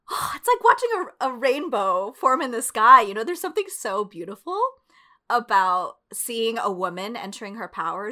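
A woman guest on a podcast, sharing candid personal stories in an animated, expressive way with lots of "like". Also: mid-range voice. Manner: animated and expressive, heavy use of "like". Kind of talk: candid conversational storytelling.

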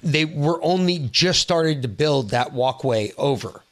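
A man's voice: a little high, expressive, a little slow. A man co-hosting a podcast, explaining things at length in casual chat. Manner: explanatory, with fillers and restarts. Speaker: podcast co-host.

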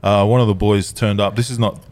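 A man's voice: on the low side, a little fast. A man co-hosting a casual podcast, telling tour stories and putting questions to the group. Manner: animated storyteller, asks the questions. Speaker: podcast co-host.

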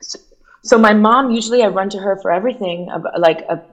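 A woman's voice: medium pitch, fast talker. A young woman talking casually on a podcast, rambling with frequent filler words and loose swearing. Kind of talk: casual chat.

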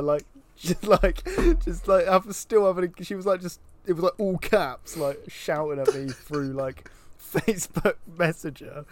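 A man's voice: a little high, moderate pace, fairly bright tone. A young man, telling a rambling story in casual podcast chat, laughing often and filling with "like". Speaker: podcast co-host.

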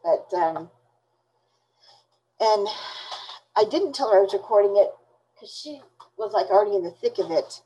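A woman being interviewed, recounting events in a halting, indignant way with many restarts. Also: mid-range voice, animated, dark tone, slightly rough, rough recording. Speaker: interview guest.

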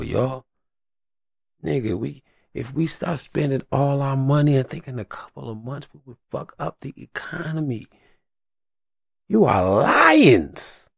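A man's voice: on the high side, vocal fry, no echo, studio quality. A young adult man hosting a solo podcast, talking in a passionate, profane rant full of slang. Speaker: podcast host.

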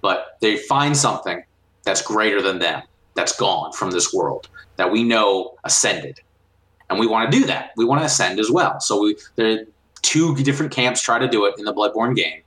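A man's voice: lowish voice, animated, moderate pace, fairly bright tone. A man co-hosting a casual gaming podcast, explaining enthusiastically with many restarts. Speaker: podcast co-host. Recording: roomy echo.

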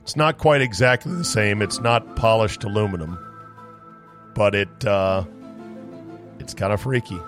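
A male podcast host delivering an incredulous, ranting monologue with loud outbursts and low asides, then chatting casually with a guest. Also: unhurried, long pauses, over loud music. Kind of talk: animated monologue and casual chat.

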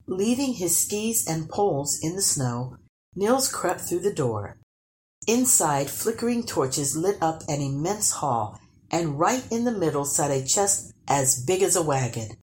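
A woman storyteller reading a children's storybook aloud with expressive, animated narration. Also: fairly low pitch, unhurried, a little hiss or hum.

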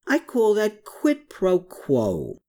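A woman's voice: mid-range voice, huge pitch swings, slow pace, dark tone, voice pushed up, heavily acted. A narrator voicing a sly, manipulative woman who murmurs teasingly.

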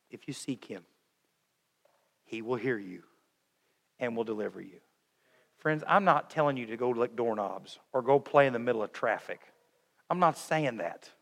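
Impassioned preacher in a reverberant hall. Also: male voice, mid-range voice, expressive, moderate pace, vocal fry, pauses often. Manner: shifts between loud urging and hushed tender lines. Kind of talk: sermon.

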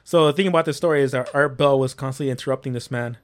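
Male podcast host, middle-pitched, casual storyteller reading eerie reports. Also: very fast. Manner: reads stories aloud with small slips and restarts.

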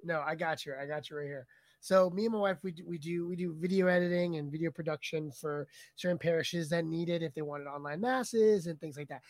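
A man co-hosting a podcast, telling stories with lively energy and frequent laughter. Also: fairly high pitch, fairly quick, no echo. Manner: lively storyteller, laughs often. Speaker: podcast co-host and video editor. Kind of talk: casual podcast chat.

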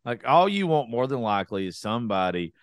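A man's voice: mid-range voice, very animated, brisk, clear, resonant tone, no room sound, studio quality. A young man hosting a podcast, talking bluntly in a casual, profane rant. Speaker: podcast host.

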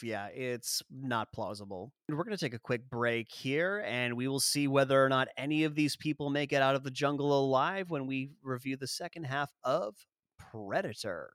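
A man's voice: medium pitch, normal speed, a bit bright, no echo, clean studio sound. A man hosting a casual movie review podcast, joking and rambling and laughing often. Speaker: podcast host.

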